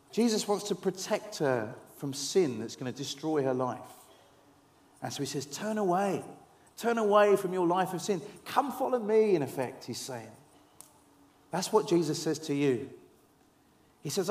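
A man in his forties delivers a sermon in a fairly high voice. He mixes humorous storytelling with soft, earnest passages. The sound rings out in an echoey hall. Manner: storytelling with humour, dropping to soft earnest tones. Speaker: preacher.

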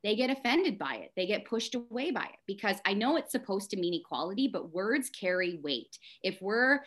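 A woman speaking as a podcast guest, frank and impassioned, talking in rushes and drifting into tangents. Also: mid-range voice, animated, fairly bright tone. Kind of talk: candid podcast conversation.

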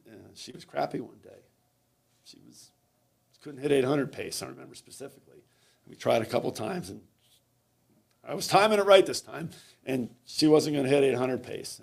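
Gravelly-voiced male coach telling stories. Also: mid-range voice, darkish tone. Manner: halting, repeats words, acts out quoted lines. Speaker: swim coach. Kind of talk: conversational interview storytelling.

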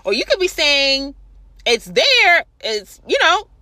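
A young woman tells a storytime rant with a bright, sharp tone, sarcastic and profane. Her voice is a little high and swings widely from line to line. The sound is dry and close. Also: big pitch swings, slow, no room sound. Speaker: vlogger.

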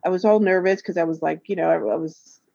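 A woman's voice: lowish voice, fairly even intonation, fast, gravelly, warm tone, no room sound. A woman who works as a therapist and healer, telling a personal story in casual conversation, acting out the voices she quotes and laughing often. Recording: dull, slightly lo-fi dry recording.

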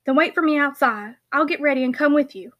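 A woman's voice: high voice, fast, dull audio, close to an everyday voice. A woman reading a frightened loving mother. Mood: anxious tender.

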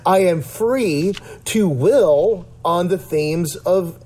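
Man, mellow warm tone, slightly high voice, rambling earnest talk, lots of restarts. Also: animated, a little slow, few pauses. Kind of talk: casual theological discussion.

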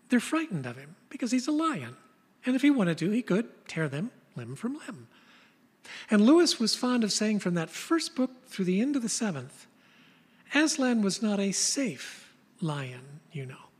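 An older man preaching a sermon, telling stories in an animated way and dropping to a whisper for emphasis. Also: high-pitched, breathy edge. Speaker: pastor. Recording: long reverb of a large hall.

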